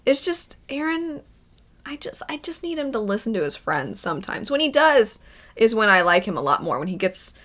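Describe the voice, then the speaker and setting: Bright-voiced, chatty woman vlogger. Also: mid-range voice, a little fast. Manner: chatty, animated, slips into character voices. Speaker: anime reaction vlogger. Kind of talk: casual reaction commentary.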